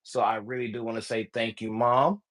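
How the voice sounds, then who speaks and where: A man with a Southern accent hosting a live podcast interview, talking in an animated, enthusiastic way. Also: mid-range voice, normal speed. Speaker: podcast host.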